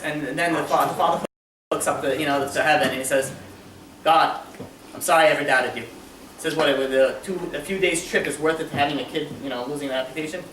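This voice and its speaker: A man, a rabbi, telling a story in a Torah class and acting out its characters with lively voices. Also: a little high. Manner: animated, acts out characters in a story. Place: community center classroom. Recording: echoey room, distant mic, background noise.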